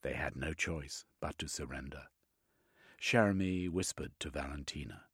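A man's voice: very deep voice, moderate pace, a bit bright, breathy edge, no room sound. A man narrating a story in a dry, mock-formal manner.

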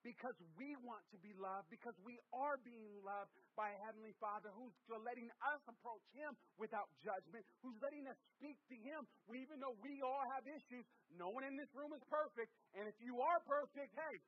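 A man in his thirties from the US West Coast preaching a sermon to a congregation, animated and jokey, with lots of repetition and restarts. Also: very high-pitched, fairly quick, few pauses. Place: church hall with congregation. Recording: dull lo-fi sermon recording.

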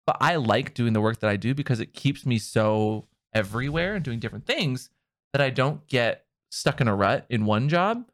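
A man chatting casually as a co-host, his pitch bouncing around a lot as he teases and jokes. His voice sits in a middle register and sounds close and dry, with no room around it. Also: lively intonation, no room sound. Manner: playful, teasing, quick to joke. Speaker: podcast co-host and online content creator. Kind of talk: casual chat.

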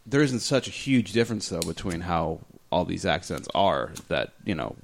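A man's voice: low-pitched, very animated, creaky. A man from the area, rambling in casual chat as a podcast co-host. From Boston area. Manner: quick, rambling and chatty.

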